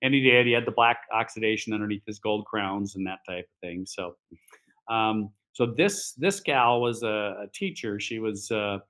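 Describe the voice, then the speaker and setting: A man's voice: fairly low pitch, normal speed, a bit bright, rough recording. A man who is an orthopedic surgeon, telling patient stories on a podcast in a rambling way, with many fillers and acted-out dialogue. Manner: acts out quoted dialogue. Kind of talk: casual podcast storytelling.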